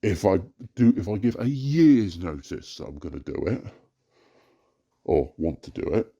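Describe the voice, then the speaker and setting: A man's voice: low-pitched, very animated, normal speed, dark tone, husky, lo-fi sound. A distressed man recording an anonymous personal rant, hesitant with many fillers and breaking into agitated outbursts. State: distressed and frustrated. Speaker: anonymous poster venting about family life.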